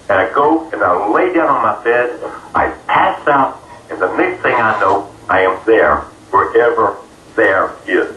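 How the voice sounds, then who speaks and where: A man being interviewed, telling a personal story in an earnest, halting way with many fillers. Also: fairly low pitch, lively intonation, bright, forceful tone. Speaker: interview guest. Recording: roomy, distant mic, faint noise.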